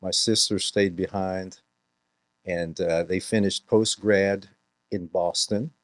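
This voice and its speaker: A man from the Philippines, an actor being interviewed, answering with wry, deadpan quips. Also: low-pitched, slow pace, no room sound. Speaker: actor, guest. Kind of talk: casual interview chat.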